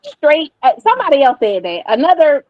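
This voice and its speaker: Brief: polite Southern woman caller, high voice, dry close sound. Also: wildly swooping pitch, brisk, dry recording, dull audio. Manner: polite, friendly. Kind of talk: casual call-in chat.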